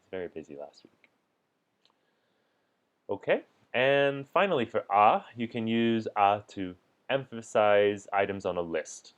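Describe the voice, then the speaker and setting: A man teaching language points in a relaxed way, chuckling now and then between examples. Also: on the low side, smooth, muffled recording.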